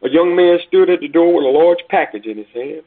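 Male preacher, deliberate storytelling sermon, husky voice, phone-quality sound. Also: fairly high pitch, animated. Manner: deliberate, dramatic reading. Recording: tinny phone-like recording.

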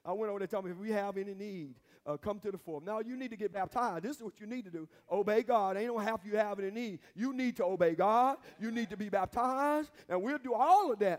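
A man with a strikingly high voice delivers a sermon as pastor. He drives call-and-response with his congregation and repeats key phrases for emphasis. The sound carries the long reverb of a church sanctuary. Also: fast talker, few pauses.

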